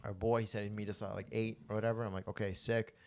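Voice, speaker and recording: A man hosting a podcast, telling a story in casual chat and loudly acting out the quotes, with plenty of swearing. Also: on the low side, fast talker. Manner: profane, animated storyteller who acts out quotes loudly. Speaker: podcast host.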